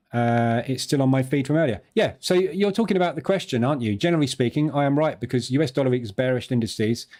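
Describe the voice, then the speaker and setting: A chatty man with a southern English accent, speaking at an ordinary middle pitch as he hosts a live trading stream. He talks casually to his viewers, answers their questions aloud and laughs easily at his own jokes. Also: darkish tone. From southern England.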